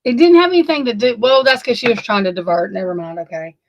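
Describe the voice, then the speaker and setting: A woman's voice: a little high, very animated, quick pace, creaky, a little hiss or hum. A woman hosting a casual true crime livestream, sleepy and yawning, rambling and swearing in exasperation as she talks to her chat. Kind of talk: casual live commentary.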